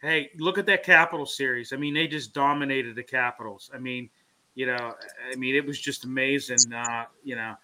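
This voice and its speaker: A man's voice: mid-range voice, normal speed, sharp tone. A man co-hosting a hockey talk show, telling long stories in casual chat, full of "you know" fillers. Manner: rambling storyteller, many "you know" fillers.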